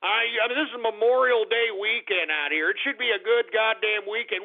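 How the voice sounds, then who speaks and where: A high, gravelly male voice rants and swears as he hosts a call-in radio show. He sounds fed up with his callers. The sound is thin and tinny, like a phone line. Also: fairly quick, few pauses. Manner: profane, ranting, exasperated.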